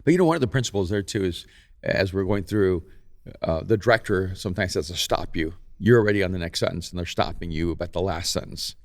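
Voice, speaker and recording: Thoughtful male podcast host, low voice, dry close sound, lots of restarts. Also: fast talker, no echo. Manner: thoughtful, many restarts and repeated words. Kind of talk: reflective storytelling in casual conversation. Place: podcast studio.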